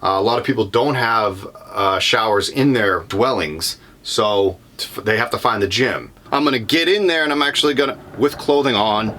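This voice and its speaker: A man's voice: mid-range voice, pushed and bright, slight background noise. A young man with a Boston accent, casually walking through his van on a vlog, rambling with lots of ums and self-corrections. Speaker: van life vlogger. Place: inside a van.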